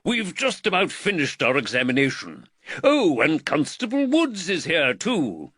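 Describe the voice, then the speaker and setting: A haughty old-time surgeon who needles his students with mock sweetness, as a man puts him on. The voice swoops up high and bright, close and dry. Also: huge pitch swings, unhurried, breathy edge, dry recording, full character voice. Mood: teasing. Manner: mocking, imperious. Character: teasing arrogant upper-class male surgeon.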